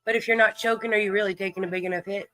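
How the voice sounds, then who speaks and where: A woman's voice: medium pitch, steady tone, rapid-fire, fairly bright tone, poor audio. A woman hosting a live stream card game, chatting with viewers in a folksy, teasing, profane way while coughing and short of breath. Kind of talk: casual chat with viewers.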